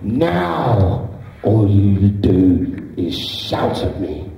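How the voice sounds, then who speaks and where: A man's voice: lowish voice, very animated, drawn-out words, vocal fry, warm tone, voice pushed down, full character voice. A man voicing a scorned female sat-nav that complains in a snide, bitter way, recorded echoey from a distant camera.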